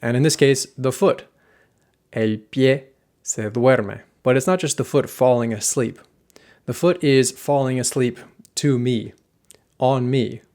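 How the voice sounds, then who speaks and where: Male teacher, methodical, clear explanations, mid-pitched voice, slows down for examples. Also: darkish tone. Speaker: language teacher. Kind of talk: explanatory lesson.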